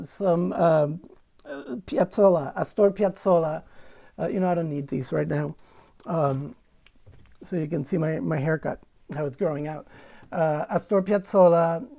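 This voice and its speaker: Gravelly-voiced woman hosting a livestream. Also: on the low side, dark tone. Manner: rambling, self-correcting, chatty. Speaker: concert series host. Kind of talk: casual livestream chat.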